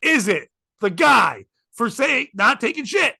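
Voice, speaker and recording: A man with a high, bright voice tells a rowdy story on a comedy podcast. He swears freely and acts out the other people's lines. The sound is close and dry. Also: sing-song, a little slow, gravelly, slightly rough, no room sound. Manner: acts out quotes with shouting, swearing, laughing.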